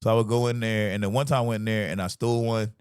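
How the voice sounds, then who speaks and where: A man's voice: lowish voice, rapid-fire, clean tone. A man in his thirties, a comedian hosting a podcast, telling stories in casual chat with lots of swearing and laughter. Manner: profane, laughing, animated storyteller.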